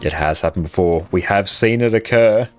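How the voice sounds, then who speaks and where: A man's voice: low voice, moderate pace, soft background music. An Australian man chatting casually on a live game stream, upbeat and laughing easily as he thanks viewers. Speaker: livestream gamer.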